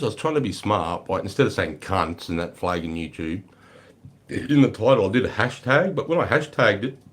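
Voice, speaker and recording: Laid-back deep-voiced Australian man chatting live. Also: breathy edge. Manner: swears freely, laid-back, greets chatters as mate and brother. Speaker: livestream host. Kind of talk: casual livestream chat reading comments.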